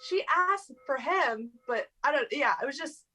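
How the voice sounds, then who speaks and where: Bright-voiced young woman, chatty and laughing. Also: sits high, expressive, moderate pace, poor audio. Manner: chatty, laughs often, many fillers. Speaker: guest, actress. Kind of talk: casual interview chat.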